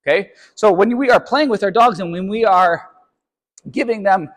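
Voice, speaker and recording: A man's voice: high voice, normal speed, in a large hall, rough recording. A man who trains dogs, explaining obedience step by step and checking in with "right?" and "okay?". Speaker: dog trainer. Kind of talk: instructional training video.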